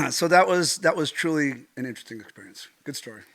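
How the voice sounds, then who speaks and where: A middle-aged American man, a stunt coordinator, telling a vivid personal story with lively gestures and acted-out quotes. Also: a little high, fairly quick. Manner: animated, acts out quotes, swears casually.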